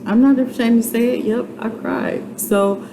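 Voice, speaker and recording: A woman's voice: a little high, steady tone, measured pace. A woman giving a casual, heartfelt testimony, chatty and earnest, often repeating herself and using many fillers. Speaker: vlogger sharing a personal testimony. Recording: clear background noise.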